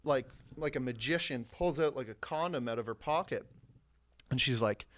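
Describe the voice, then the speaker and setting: A young man as a podcast guest, telling a story in a profane, animated way and laughing often. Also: mid-range voice, moderate pace. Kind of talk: casual storytelling.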